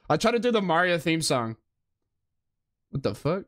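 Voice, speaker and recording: A man's voice: a little high, very animated, moderate pace, long pauses, a bit bright. A man streaming a game live, giving casual, profane, slangy commentary and laughing often.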